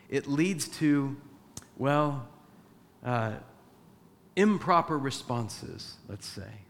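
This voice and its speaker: A man's voice: mid-range voice, gravelly, fairly bright tone. A man preaching a sermon in a church, conversational, acting out little dialogues. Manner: conversational, acts out dialogue with his wife. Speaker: pastor. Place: church with a sound booth. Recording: reverberant church hall.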